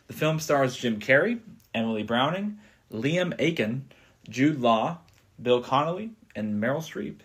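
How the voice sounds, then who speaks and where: A man co-hosting a casual movie podcast, earnest and enthusiastic, often restarting his sentences. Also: medium pitch. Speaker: podcast co-host.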